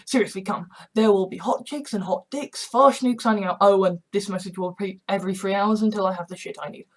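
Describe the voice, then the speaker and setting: A woman's voice: mid-range voice, fairly quick, natural voice. A woman voicing a male eldritch abomination who rambles awkwardly and apologizes. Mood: rambling.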